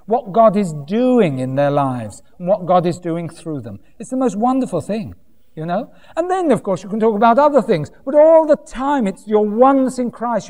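A man from Britain preaching a sermon in an animated way, swooping up and down and acting out other people's voices. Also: high-pitched. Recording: reverberant hall.

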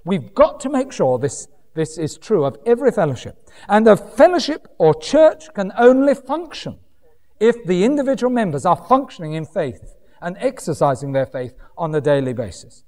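A man from Britain preaching a sermon in an animated way, swooping up and down and acting out other people's voices. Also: high voice, normal speed. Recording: reverberant hall.

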